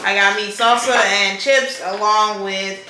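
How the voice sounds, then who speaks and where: A woman hosting a casual mukbang chat, talking in a relaxed way with frequent fillers. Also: mid-range voice, unhurried. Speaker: host. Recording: roomy echo, faint noise.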